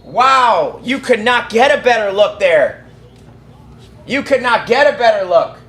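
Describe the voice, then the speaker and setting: A man calls a basketball game play by play, firing off quick excited calls that climb to shouts at the big moments. His voice sits unusually high, and the room around him rings with echo. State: out of breath. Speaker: fan play-by-play commentator. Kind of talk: live play-by-play commentary.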